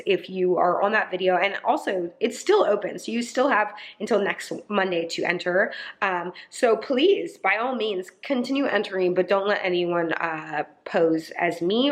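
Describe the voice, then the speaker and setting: A young woman vlogger talking to camera in a casual, emotional way, rambling with many fillers, indoors by a sunny window. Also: fairly low pitch. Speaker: lifestyle vlogger and influencer. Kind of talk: casual apology vlog to camera.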